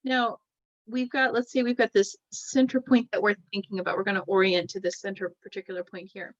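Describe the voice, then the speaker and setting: A woman teaches a classroom lecture in a middle-pitched voice, walking through each point as she draws and pausing to ask "right?". The recording is dull and lo-fi, with a dry, close sound. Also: flat delivery, no room sound. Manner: explains while drawing, checks in with "right?" often.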